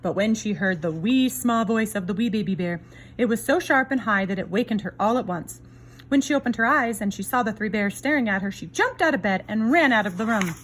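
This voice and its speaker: A woman reading a picture book aloud to children in an expressive storyteller's way. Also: medium pitch, brisk. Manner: expressive, varied storyteller delivery. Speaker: storybook reader.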